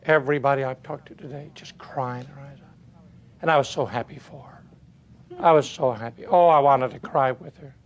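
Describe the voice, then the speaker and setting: An older man giving a motivational talk, telling folksy stories and asking rhetorical questions, swinging from loud to hushed. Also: medium pitch, normal speed, lo-fi sound. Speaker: motivational speaker. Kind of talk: motivational speech.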